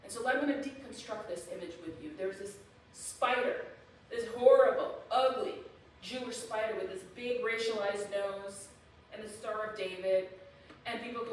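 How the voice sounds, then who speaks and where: A woman's voice: medium pitch, moderate pace, slight background noise. A woman giving a public lecture with slides, speaking emphatically and with animation. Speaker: guest lecturer. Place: event hall. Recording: echoey hall, distant mic, faint ambience.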